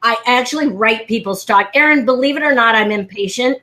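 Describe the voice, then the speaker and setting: A woman speaking coach telling stories on a live video call over a headset mic, lively and animated, acting out the people she quotes. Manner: fast, lively storyteller, acts out quotes in a high voice. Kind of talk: animated live-stream chat.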